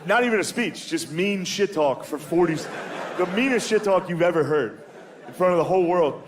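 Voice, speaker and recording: A man's voice: high-pitched, expressive, normal speed. A man doing a stand-up comedy set on stage, crude and casual, often saying "dude" and laughing at his own jokes. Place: comedy stage before a live audience. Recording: live room with audience noise.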